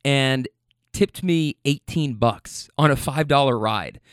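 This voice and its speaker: A man who drives for a rideshare app tells viewers about his riders in a casual, animated way, repeating himself and swearing freely. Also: mid-range voice, takes it slowly, clean tone, dry recording, clean studio sound.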